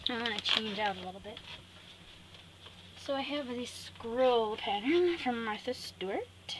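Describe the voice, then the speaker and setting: A woman's voice: on the high side, animated, unhurried, long pauses. Chatty woman hosting a craft tutorial. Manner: talks to herself, cheerful asides to viewers. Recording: clear background noise.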